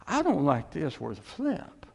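Preacher, male, lively swooping delivery, slightly high voice; long reverb. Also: a little slow, vocal fry, slightly rough. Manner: animated preaching, conversational asides. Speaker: pastor. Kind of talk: sermon.

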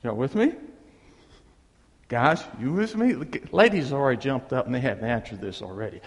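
Gravelly, animated man in a big hall. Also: medium pitch, normal speed. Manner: animated, self-deprecating, draws out punchlines. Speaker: speaker addressing a live audience. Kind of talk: humorous personal storytelling talk. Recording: long reverb of a large hall.

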